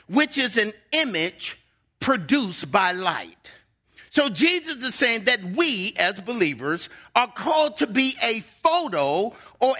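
A man's voice: high-pitched, bright, forceful tone. A middle-aged male pastor preaching a sermon in a church, emphatic and drawing out key words.

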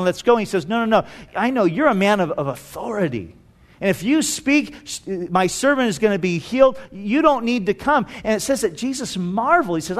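A male pastor delivers a sermon in a high-pitched voice. He tells the story with animation and briefly acts out the people in it, often repeating words and restarting his sentences. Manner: frequent word repetitions and restarts.

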